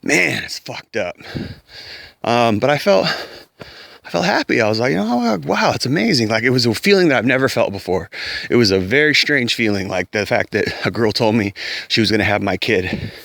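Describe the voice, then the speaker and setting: A man's voice: fairly low pitch, moderate pace, gravelly, fairly bright tone, dry recording. A man delivering a heated opinion rant to camera, emphatic and profane, often repeating words as he pushes his point. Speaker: vlogger.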